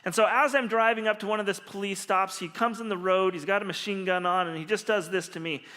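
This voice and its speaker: A man preaching as a pastor, telling stories in an animated, humorous way. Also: high voice, fast. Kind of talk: storytelling sermon. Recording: long reverb of a large hall.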